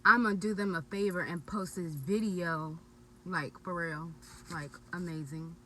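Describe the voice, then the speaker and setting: Excited woman reviewing food in her car. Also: on the low side, unhurried, far from the mic, a little hiss or hum, rough recording. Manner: excited, chatty, expressive. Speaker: vlogger. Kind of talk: casual food review vlog. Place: parked car.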